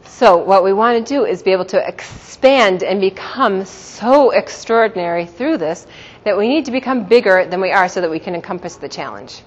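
A middle-aged woman giving a religious teaching talk to a group, telling stories warmly and laughing often. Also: medium pitch, animated, moderate pace. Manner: warm, storytelling, laughs often. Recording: dull sound in a reverberant hall.

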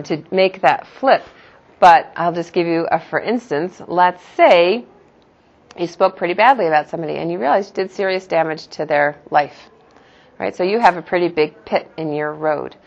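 A woman religious teacher giving a spoken lesson in an animated, emphatic way, asking her listeners rhetorical questions. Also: fairly low pitch, muffled recording.

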